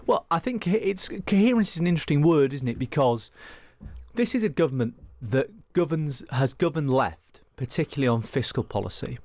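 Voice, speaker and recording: A political journalist from northwest England, a man talking fast and animatedly as a radio studio guest, often restarting and repeating words. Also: fairly high pitch, animated, a little mellow, no room sound. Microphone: studio microphone.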